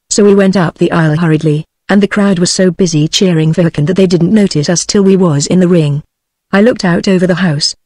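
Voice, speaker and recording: A text-to-speech female voice with a British English accent, narrating an audiobook in an even, machine-read manner. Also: lowish voice, dry recording.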